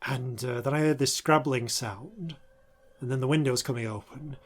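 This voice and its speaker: A man's voice: medium pitch, moderate pace, slightly rough, close to an everyday voice. A man voicing a chatty, flustered woman cleaner in her fifties who rambles with many hesitations. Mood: rambling.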